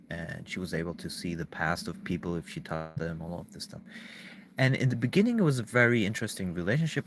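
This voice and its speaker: A man's voice: on the low side, a little hiss or hum. A man in a casual, rambling monologue to camera, emphatic, swearing often and restarting his sentences. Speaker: vlogger.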